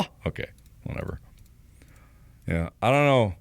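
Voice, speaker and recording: Male streamer, low gravelly voice, jokey self-mocking chat. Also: very animated, unhurried, pauses often, no echo, studio quality. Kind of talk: casual livestream commentary.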